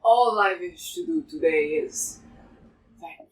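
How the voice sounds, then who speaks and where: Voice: medium pitch, measured pace, distant mic, natural voice. A game master voicing a scheming former enemy warrior, a man with a Russian accent who talks in a smug, mock-friendly, menacing way.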